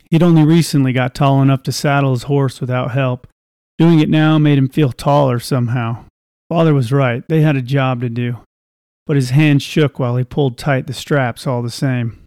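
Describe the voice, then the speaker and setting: A man reading a scripted story aloud in a measured, even way. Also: medium pitch, no echo, studio quality.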